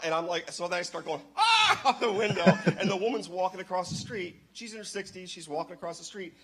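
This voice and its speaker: A man telling a story in church on a handheld microphone, excitable and bursting into loud exclamations. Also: high-pitched, a little hiss or hum. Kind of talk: animated storytelling.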